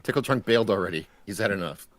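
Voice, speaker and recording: A man's voice: on the low side, expressive, fast talker, a little hiss or hum. A man making dry, sarcastic remarks in a casual watch-party chat.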